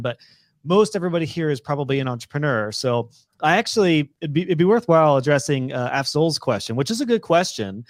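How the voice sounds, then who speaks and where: A man's voice: a little high, no echo, clean studio sound. A man who teaches courses, co-hosting a casual discussion in an emphatic way. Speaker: course instructor and co-host.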